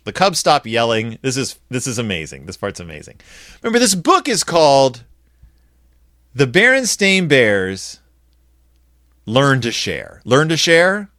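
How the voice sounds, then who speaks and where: A man giving a comic, sarcastic review of a children's picture book, acting out quoted lines in flat voices. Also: mid-range voice, a little slow, long pauses, no echo, clean studio sound.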